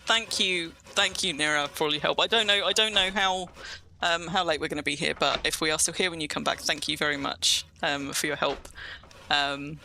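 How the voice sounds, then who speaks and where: A woman's voice: sits low, normal speed, gravelly, bright, forceful tone, slight background noise. A woman hosting a casual livestream chat, rambling through explanations and laughing often. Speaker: streamer and host.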